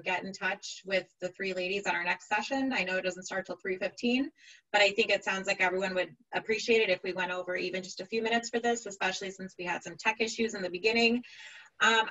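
Bright-voiced woman moderating a panel. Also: medium pitch, lo-fi sound. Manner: hesitant, full of ums.

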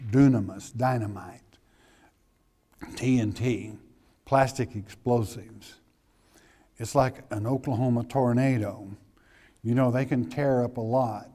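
Male preacher, middle-aged, slow folksy sermon, emphatic, keeps checking in with his listeners. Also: medium pitch, warm tone. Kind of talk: expository sermon.

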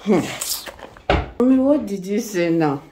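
Slow-talking Nigerian mother, playful and coaxing. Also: mid-range voice, lively intonation, background noise. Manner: coaxing, playful, laughs often. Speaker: family vlogger, mother. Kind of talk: casual home vlog.

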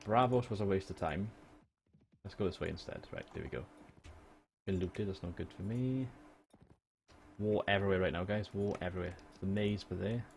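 A young Welsh man streams a strategy game, chatting casually, swearing and joking with his viewers. His low, gravelly voice moves at a moderate pace with long pauses, over faint background noise.

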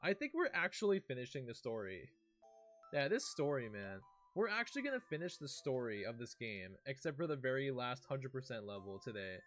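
A man's voice: medium pitch, brisk. A young man on a game stream reads a storybook aloud. His voice rises and falls a lot as he stops to react and chat, and faint music plays behind him. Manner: lively, breaks off reading to react and chat.

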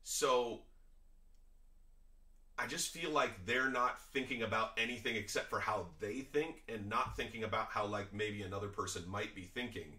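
A man's voice: fairly low pitch, moderate pace, pushed and bright, roomy sound. A man hosting a reaction video, giving opinionated, critical commentary on a clip in a conversational way.

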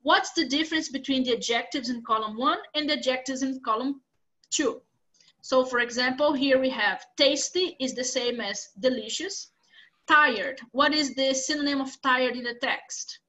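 A woman's voice: high voice, normal speed, sharp tone, poor audio. A woman English teacher with a Brazilian Portuguese accent, patiently explaining vocabulary with examples in a live online class.

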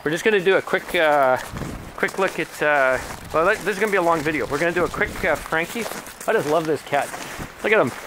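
A man vlogging casually while training his puppy, rambling and chatting, breaking into high sing-song baby talk to his dogs. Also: animated, brisk. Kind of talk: casual chat. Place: in a car, then outdoors by a pond. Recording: noisy car and outdoor ambience.

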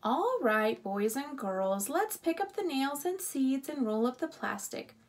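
A woman reading as a calm camp leader. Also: high voice, unhurried. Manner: calm, even, reassuring. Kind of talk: storybook reading aloud.

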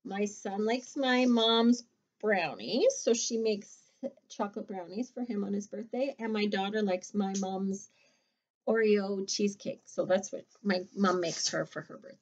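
Woman teacher, storybook read-aloud, slow and gentle, lo-fi sound. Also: medium pitch. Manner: gentle, chatty, explaining to children.

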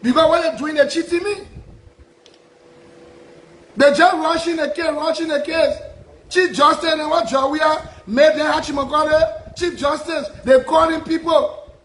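Extremely high in pitch yet steady in tone, the Liberian man's slightly bright voice moves at a moderate pace. A self-styled prophet, he gives a fervent public address in Liberian English, repeating aggrieved rhetorical questions, recorded roughly in an echoey room.

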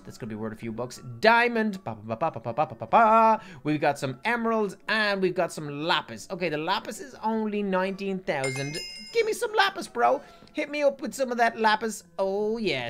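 A woman giving excitable, playful gameplay commentary and talking to her viewers. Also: low voice. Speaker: gaming YouTuber.

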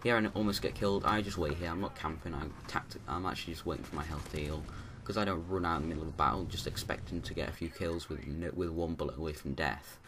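A man's voice: a bass voice, quick pace, few pauses, noisy background. A man giving rambling, casual commentary over his own gameplay, full of restarts and fillers.

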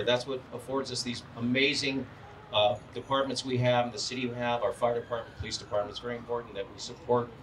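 A man, a mayor, emceeing an outdoor community ceremony in a jovial, encouraging way. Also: mid-range voice. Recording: distant outdoor recording, loud noise, siren.

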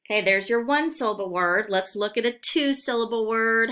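A woman's voice: medium pitch, moderate pace, fairly bright tone. A woman teaching a remote phonics lesson to second graders, patiently sounding out words syllable by syllable.

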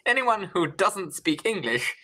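Male podcast co-host, bright tone, lively swooping delivery, jokey. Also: sits high, measured pace. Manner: animated, laughs often, wry jokes. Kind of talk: casual film review chat.

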